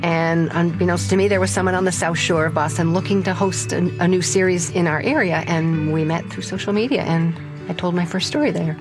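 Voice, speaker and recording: An older woman telling a personal story to an audience, with an animated, playful delivery and frequent laughter. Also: lowish voice, fairly quick, music in the background.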